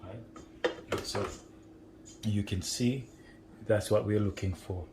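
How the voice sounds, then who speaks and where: A man hosting a casual cooking demonstration in a home kitchen, chatting as he works and often checking in with the viewer with a quick "right?". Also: on the low side, steady tone, very noisy. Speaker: home cook host. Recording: roomy kitchen with loud clattering.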